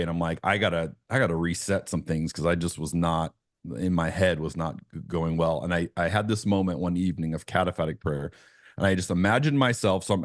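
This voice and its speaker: A man with a very low voice, talking as a pastor on a podcast. He tells his story earnestly, often restarting his phrases. The sound is dry and close. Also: no echo. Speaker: pastor, guest. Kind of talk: conversational podcast interview.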